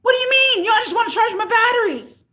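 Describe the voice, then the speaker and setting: A woman putting on the voice of an angry male customer, shrill and yelling, half laughing as she mocks him in a storytime vlog. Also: expressive, quick pace, heavily acted. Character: angry adult male customer, shouting, indignant.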